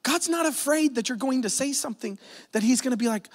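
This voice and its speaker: A man delivering a sermon in a noticeably high voice. He moves between quiet, confiding stretches and loud, shouted appeals to the congregation. He tells personal stories and adds self-deprecating asides along the way. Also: expressive, fast, in a large hall. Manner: swings from hushed, intimate talk to shouted appeals; repeats "here's the thing", storytelling with self-deprecating asides. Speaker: pastor.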